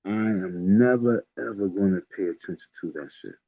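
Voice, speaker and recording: A man with a lowish voice rants casually on a livestream, repeating himself emphatically and drawing out every word of insistence. The audio is dull and lo-fi, like a cheap stream mic. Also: mellow. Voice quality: repetitive, emphatic. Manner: dismissive, drawn-out insistence. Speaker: live streamer.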